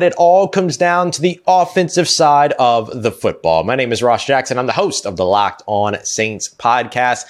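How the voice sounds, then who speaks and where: A man who hosts a podcast, giving a prepared and emphatic sports analysis segment laid out point by point. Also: a little high. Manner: emphatic, structured argument. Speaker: podcast host, guest analyst.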